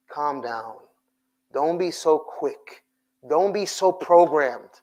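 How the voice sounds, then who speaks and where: A man delivers a sermon, his voice sitting slightly high. He talks with animation, pressing his listeners with rapid rhetorical questions. He slips phrases into his English. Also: low-quality recording. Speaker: sheikh giving a talk to young people.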